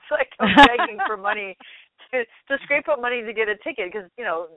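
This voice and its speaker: Woman, radio guest, animated storyteller, high voice, dry tinny phone sound. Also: brisk, no room sound. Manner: animated, laughs often, acts out quotes. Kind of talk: casual storytelling. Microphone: telephone.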